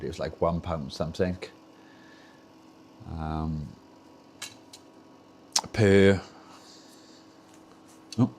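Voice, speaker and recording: A man's voice: low voice, a little mellow, slight background noise. A young Welsh man with a Welsh accent, chatting casually and rambling as he repairs controllers on a livestream in his home workshop. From Wales. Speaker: streamer repairing game controllers. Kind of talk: casual livestream chat while tinkering. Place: home workshop with soldering bench.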